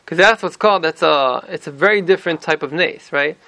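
A man leads a Torah class in a high, gravelly voice. He explains with energy, tosses out "right?" after his points, and weaves in Hebrew phrases. The sound is bright and dry, close to the mic. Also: brisk, dry recording. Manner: animated explaining, frequent rhetorical "right?"; mixes in Hebrew terms and verse readings. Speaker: Torah teacher.

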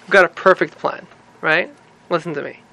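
A self-satisfied old rabbi explains his plans in a rambling, confiding voice, as a man puts him on. His voice is high and gravelly. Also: moderate pace, bright, forceful tone. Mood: scheming. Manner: rambling, confiding, pleased with himself. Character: scheming, self-important older male rabbi.

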